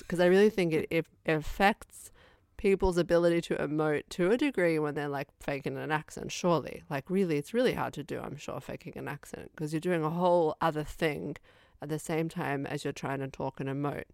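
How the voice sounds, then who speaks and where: A woman with a low voice talks through a film in a loose, rambling podcast chat. She is frank and drifts off on tangents. The recording is close and dry, with no room sound. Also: a little fast, gravelly, few pauses, darkish tone, no echo. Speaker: podcast co-host. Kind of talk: casual film discussion.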